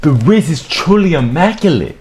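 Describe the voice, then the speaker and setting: A young man giving loud, profane gameplay commentary, trash-talking and often shouting. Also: fairly high pitch, sing-song, normal speed, soft background music. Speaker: gamer streaming gameplay.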